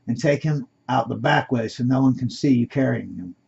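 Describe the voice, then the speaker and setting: A man's voice: medium pitch, normal speed, creaky, a little mellow, husky. A man voicing a bossy male kidnapper in a black mask, curtly giving orders, on a dull lo-fi recording.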